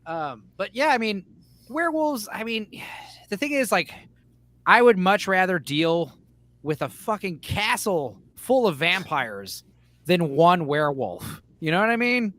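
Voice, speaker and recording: High-voiced excitable man. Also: a little slow, no echo. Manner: excitable, profane, acts out scenes with growls and shouts. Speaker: podcast co-host. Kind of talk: casual podcast chat.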